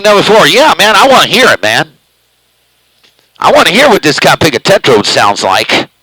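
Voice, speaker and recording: A man's voice: a little high, sharp tone, no room sound, low-quality recording. A man running a live CB radio station at home, chatting loosely with a drawl and speaking right up on the microphone. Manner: loose drawling talk, says he eats the microphone. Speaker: CB radio operator streaming live. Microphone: very close to the microphone.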